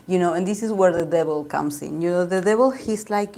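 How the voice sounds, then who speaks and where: A woman's voice: mid-range voice, brisk, few pauses, warm tone. A woman giving a casual tarot reading, rambling and repeating herself with lots of fillers. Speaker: tarot reader.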